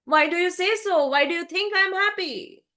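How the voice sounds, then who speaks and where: A woman's voice: sits high, big pitch swings, measured pace, a bit bright, voice pushed up, heavily acted. A woman voicing a self-pitying male swan who complains about his lot, in a told fable. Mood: complaining. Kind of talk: storytelling with voices.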